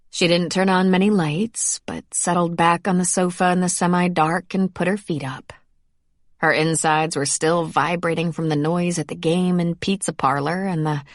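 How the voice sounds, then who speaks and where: A woman reads a romance audiobook in a measured, even voice pitched on the lower side. The sound is very dry and close to the mic. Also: no room sound. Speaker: audiobook narrator. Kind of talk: scripted narration.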